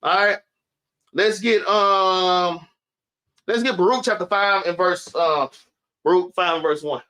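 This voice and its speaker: Guy preaching to a class, high bright voice, keeps saying "man", kinda out of breath. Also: measured pace. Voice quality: casual preaching, repeats "man" at line ends. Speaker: teacher. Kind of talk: sermon.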